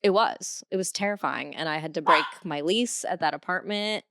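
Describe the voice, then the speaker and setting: A podcast host in her thirties from Cleveland, USA, chats casually, telling stories candidly and swearing often. Her voice is fairly low and a bit bright, with vocal fry, at a moderate pace.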